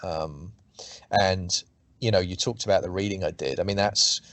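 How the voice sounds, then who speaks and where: A man's voice: deep voice, moderate pace, fairly bright tone, dry recording. A middle-aged man talking about his writing in a casual interview, rambling, swearing and restarting his sentences. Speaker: author being interviewed.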